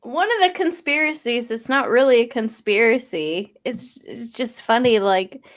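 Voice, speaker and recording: A woman's voice: a little high, normal speed. A woman co-hosting a podcast, chatting casually with teasing asides and frequent giggles. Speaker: podcast co-host. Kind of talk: casual joking chat.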